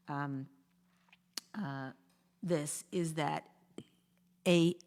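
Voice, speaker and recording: A woman hosting a talk show, giving casual marriage advice in an animated way and acting out quoted voices. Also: low voice. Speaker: host.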